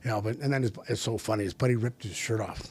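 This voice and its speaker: A man's voice: fairly low pitch, fast talker, slightly rough. A middle-aged man, a podcast guest, telling stories in casual talk, with many restarts and laughs along the way. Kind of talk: casual storytelling.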